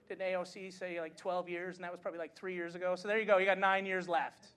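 A male pastor from the United States preaching a sermon, swinging between impassioned shouting and chatty, laughing storytelling. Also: high voice, little pitch movement, fast talker, hardly any pauses, clean tone. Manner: chatty anecdote-telling with frequent laughs.

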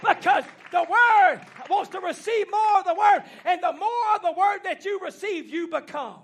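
A man preaching a fiery revival sermon, shouting in rhythmic repeated phrases and calling out to the congregation. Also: very high voice, normal speed, some chatter behind. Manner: shouting, rhythmic repetition, call-and-response exhortation. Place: church banquet hall.

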